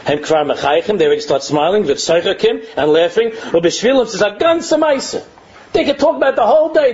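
A man giving a religious lecture, reading lines of a text and translating them, animated and often mimicking mocking children with repeated phrases. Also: high voice, a little fast, dull audio. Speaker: Torah teacher.

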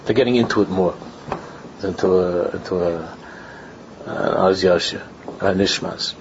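A man teaching a Torah class, telling anecdotes and acting out dialogues, mixing Yiddish and Hebrew terms into his talk. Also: a little slow. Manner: animated storytelling, acts out dialogues in pitch jumps. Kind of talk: Talmudic-style lecture with anecdotes. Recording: lo-fi recording with faint background noise.

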